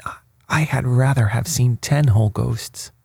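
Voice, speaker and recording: A man voicing a panicked male servant who stammers, pitched higher than his reading voice. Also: takes it slowly, gravelly, dark tone, slightly rough, no echo, studio quality, exaggerated voice.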